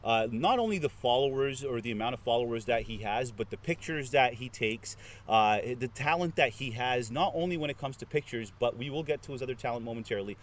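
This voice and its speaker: A man's voice: mid-range voice, lively intonation, fairly quick. A man hosting a casual interview, talking in a formal, wordy way with many repeated phrases, outdoors in the city. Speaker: host.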